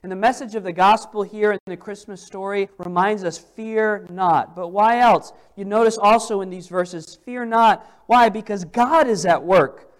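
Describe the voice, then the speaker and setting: Male preacher with a high voice, expressive sermon delivery, reads scripture aloud, leans on repetition. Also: normal speed, hardly any pauses. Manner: repeats phrases for emphasis. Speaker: pastor.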